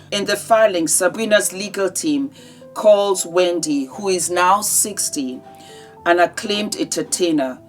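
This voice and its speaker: A woman vlogger giving heartfelt, conversational commentary on celebrity news. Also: sits low.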